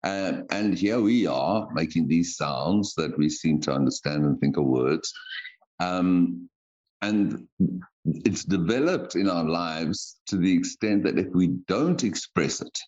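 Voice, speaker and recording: Deep guy rambling on a podcast, trips over his words, kinda muffled lo-fi audio. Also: animated, slow pace, darkish tone. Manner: rambling, stammering restarts. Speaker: podcast co-host. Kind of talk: casual chat.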